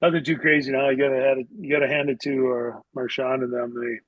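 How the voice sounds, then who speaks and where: A man's voice: medium pitch, flat delivery, fast, dry recording. A middle-aged man tells casual stories as a podcast guest. He rambles freely and leans on filler words. The recording sounds dull and lo-fi in a dry, close space. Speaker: podcast guest, former hockey player. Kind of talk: casual storytelling.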